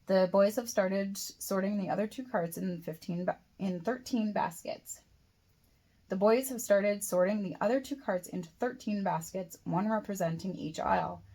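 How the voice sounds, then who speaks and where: A woman's voice: medium pitch, moderate pace, mellow, husky. Woman reading her own novel aloud. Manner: plain reading with occasional slips and restarts. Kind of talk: first-person audiobook narration.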